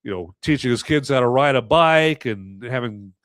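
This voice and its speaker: A man's voice: medium pitch, expressive, normal speed, fairly bright tone, no room sound. A man hosting a live movie review podcast, talking in a rambling, sarcastic way with lots of fillers. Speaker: podcast host.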